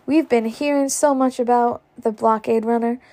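A woman's voice: on the high side, fairly even intonation, normal speed, dark tone, lightly acted. A woman doing a sweet, gushing young lady.

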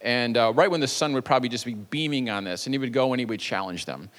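A man's voice: medium pitch, quick pace, big-room sound. A male pastor preaching a sermon in a church, telling a story with jokey asides and playful energy. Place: church sanctuary.

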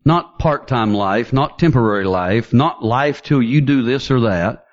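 A man preaching a sermon, fervent and building to near-shouts as he quotes scripture. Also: mid-range voice, measured pace, muffled recording.

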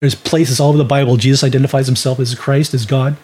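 A man's voice: medium pitch, fairly even intonation, fast, a little mellow, breathy edge. A man teaching a Bible lesson on sharing faith, talking in a folksy, conversational way with restarts. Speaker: ministry teacher.

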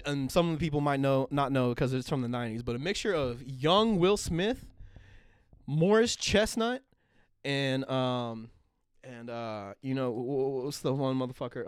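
Smooth-voiced profane man telling stories. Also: mid-range voice, dry recording, studio quality. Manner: profane, animated, laughs often. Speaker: podcast co-host. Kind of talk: casual storytelling chat.

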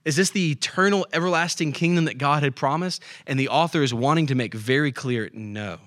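A man's voice: on the high side, brisk, a bit bright, no echo, clean studio sound. A man preaching a conversational sermon as a pastor, often checking in with his listeners. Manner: conversational, asks the room "right?".

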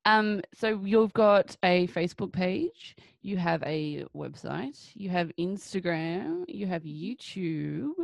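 A woman's voice: on the low side, animated, takes it slowly, vocal fry, few pauses, dry recording. An Australian woman hosting a podcast interview, chatty and laughing often. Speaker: podcast host. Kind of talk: casual interview chat.

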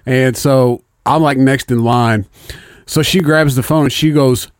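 A man co-hosts a podcast, spinning stories in a laid-back, profane style and laughing along the way, his medium-pitched voice at a normal speed. The recording is dry, with clean studio sound.

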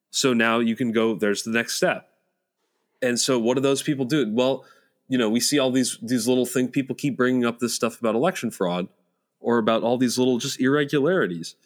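A young man talking politics with his father on a podcast, earnest and argumentative, thinking aloud. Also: medium pitch. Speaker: son, podcast guest. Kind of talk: casual political chat.

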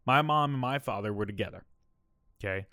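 Male podcast host, about thirty, candid and rambling as he tells a personal story, slightly low voice, dry sound. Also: fairly quick, pushed and bright, dry recording. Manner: candid, rambling, keeps adding "all right?" and "okay?".

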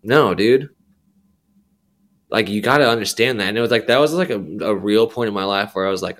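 Rambling young man, lowish voice. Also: a little fast, a bit bright. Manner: rambling, slangy, many fillers and restarts. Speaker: podcast guest. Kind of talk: candid personal testimony.

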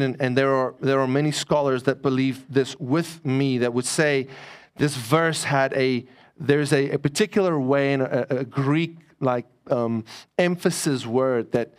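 A man preaching to his congregation in a relaxed, talky sermon. His voice sits a little high for a man. He drops in jokes and asides as he teaches. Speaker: pastor.

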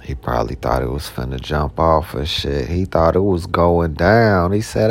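A man's voice: very deep voice, steady tone, normal speed, creaky. A man rambling casually through personal stories, slangy and profane, with many repeated words and restarts. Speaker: podcast host. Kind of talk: casual storytelling monologue.

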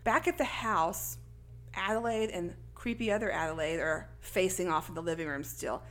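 A woman's voice: on the low side, moderate pace. A woman casually recapping a film, acting out the characters' lines and laughing often. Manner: animated storytelling, acts out characters, laughs often. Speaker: podcast co-host recapping a film. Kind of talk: casual chat.

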